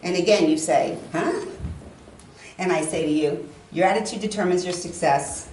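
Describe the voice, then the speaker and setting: A woman giving a talk on stage, animated, and acting out quoted lines with emphasis. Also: on the low side, a little fast, slight background noise. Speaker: speaker. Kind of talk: public talk. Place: stage in a large hall. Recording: roomy hall sound from a distance, faint ambience.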